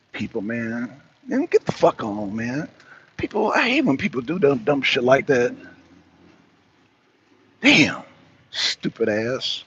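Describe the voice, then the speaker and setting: A man's voice: on the high side, creaky, a bit bright, husky, muffled recording. A truck driver calling in from his parked cab, chatting casually and profanely, rambling and cutting himself off. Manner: profane, rambling, self-interrupting. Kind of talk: casual chat.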